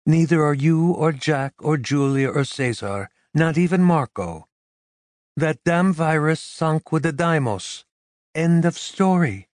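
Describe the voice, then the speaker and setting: A man's voice: on the high side, animated, takes it slowly, dry recording, studio quality, pitched above the performer's own voice. A man doing an insistent, caring woman. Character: intense, impatient, caring woman lover. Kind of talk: audiobook character voicing. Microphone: close studio mic.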